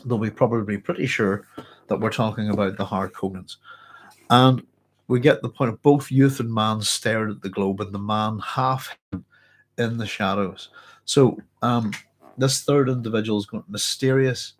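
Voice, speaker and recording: Guy, somewhat low voice, all bunged up, rambling about a book w/ lots of ums. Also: moderate pace, slight background noise. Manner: chatty, rambling, many fillers and restarts. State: congested, blocked-up nose. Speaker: book club host and teacher. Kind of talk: casual book discussion with reading aloud.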